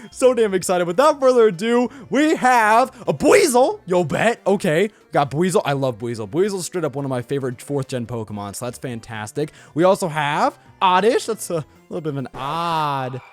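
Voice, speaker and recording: A hyped-up man gives let's play commentary and swears now and then. His lively voice bounces all over the place and sits a bit high. Faint game music plays behind him. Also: brisk, few pauses. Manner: hyped, excitable, casual swearing. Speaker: gaming channel host.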